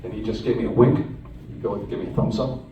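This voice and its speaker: A man's voice: on the low side, steady tone, quick pace, highs cut off, noisy background. A man from Canada recounting his captivity to a live audience in an earnest, conversational way with frequent restarts. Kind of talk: personal storytelling talk. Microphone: phone recording from the audience. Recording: distant, echoey phone recording in a hall.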